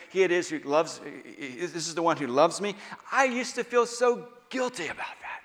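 A man preaching a sermon at a conference, animated, moving between loud emphatic passages and hushed, quiet ones. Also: a little high, moderate pace, hardly any pauses. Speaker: guest speaker. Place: church hall at a conference. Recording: long reverb of a large hall.

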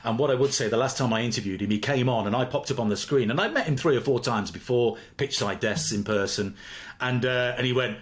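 Man, studio guest, casual chat, rambling restarts, middle pitch. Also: quick pace. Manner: chatty, rambling with restarts and loud mimicry.

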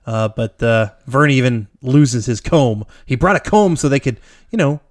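A man's voice: mid-range voice, animated, normal speed, no echo. Chatty man recapping a movie, dry sound. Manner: rambling, swears casually, laughs often. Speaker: podcast co-host. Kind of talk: casual movie recap chat.

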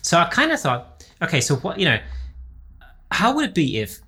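A man's voice: a little high, wildly swooping pitch, moderate pace, bright, forceful tone. A man in casual conversation, rambling, with many restarts and fillers. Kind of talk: casual chat.

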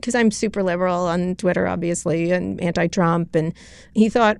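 Woman journalist guest with a gravelly voice, blunt and profane, recorded dry in an office. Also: on the low side, fairly even intonation, darkish tone, no echo. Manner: blunt, rapid-fire, swears freely. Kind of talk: casual interview talk.

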